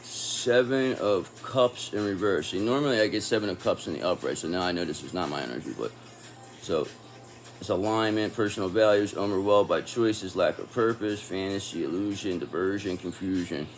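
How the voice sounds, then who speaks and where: A man's voice: sits low, moderate pace, faint music behind. A man giving a casual tarot reading, talking in an angry, profane and confrontational way. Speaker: tarot reader.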